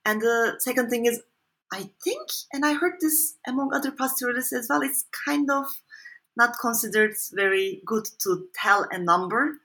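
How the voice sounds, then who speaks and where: A woman's voice: fairly high pitch, lively intonation, normal speed, a bit bright. Hesitant, thoughtful woman researcher. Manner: thoughtful, hesitant, many fillers and restarts. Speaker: author and researcher guest. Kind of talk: conversational interview answer.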